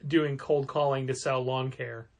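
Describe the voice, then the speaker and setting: A man co-hosting a casual podcast, speaking in a measured, deliberate way as he complains. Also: medium pitch, steady tone. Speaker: podcast co-host, comic shop co-owner.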